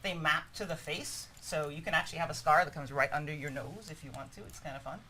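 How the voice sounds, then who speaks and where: A hoarse woman presenting a live game demo stream, explaining features in an upbeat way. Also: deep voice, quick pace, pushed and bright, low-quality recording.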